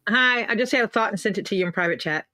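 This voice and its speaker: A woman co-hosts a livestream in a playful, motherly tone and teases her partner. Her voice sits at a middle pitch. The recording is dry and close, with no room echo. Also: rapid-fire, bright, forceful tone. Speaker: podcast co-host. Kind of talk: casual livestream chat.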